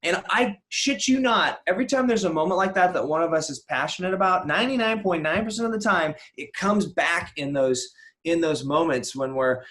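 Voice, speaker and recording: A film director, a man, guesting on a podcast and telling rambling, animated stories with plenty of swearing. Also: high voice, brisk. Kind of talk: casual podcast interview.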